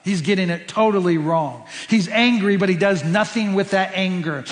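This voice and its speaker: Pastor guy preaching, high voice, keeps repeating words for emphasis, big echoey church. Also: moderate pace. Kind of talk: sermon. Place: church sanctuary.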